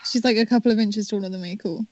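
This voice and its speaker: A woman playing a tabletop game, quick to tease and argue back. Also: mid-range voice, darkish tone, no room sound, muffled recording. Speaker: player. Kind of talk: casual tabletop chat.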